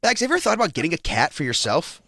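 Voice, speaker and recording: A man's voice: fairly high pitch, very animated, very fast, pushed and bright, slight background noise. A young man co-hosting a morning radio show, rambling through exasperated complaints padded with "like". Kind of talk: casual morning radio banter. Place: radio studio. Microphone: studio microphone.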